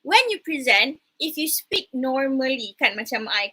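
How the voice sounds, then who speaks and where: A Malaysian woman with a high, bright voice lectures her class. A breathy, husky edge sits under her words as she mixes English with Malay and hammers home each rule. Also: animated, normal speed, low-quality recording. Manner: mixes English with Malay words, repeats key rules firmly. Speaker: university lecturer.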